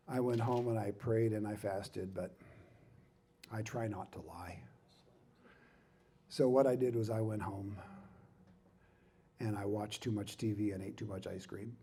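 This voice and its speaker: A man's voice: lowish voice, measured pace, long pauses, warm tone, breathy edge. A middle-aged man speaking at a ministry conference, with a self-deprecating, joking manner and emphatic repetition. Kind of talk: humorous conference talk.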